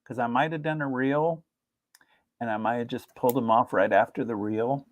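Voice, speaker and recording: A man's voice: mid-range voice, normal speed, dry recording, dull audio. A man hosting a live online sale, chatting casually about vintage items in a tired morning voice.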